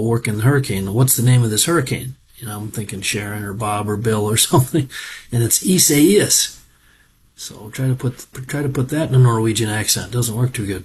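A man's voice: medium pitch, a little hiss or hum. A middle-aged man from Minnesota giving a rambling, folksy spoken report on farm equipment auctions, with lots of fillers.

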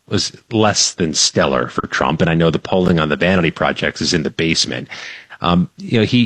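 Low-voiced male news analyst, measured and wry, dry close sound. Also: fairly bright tone, no room sound. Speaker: weekly political news guest. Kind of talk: political analysis on talk radio.

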